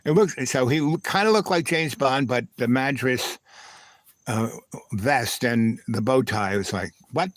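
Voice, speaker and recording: A man hosting a live stream, wandering through a personal story at a relaxed, meandering pace with many asides. His pitch sits in an ordinary middle range, and the sound is close and dry with almost no room echo. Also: measured pace. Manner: digressive, loose, full of "right?" and "anyway".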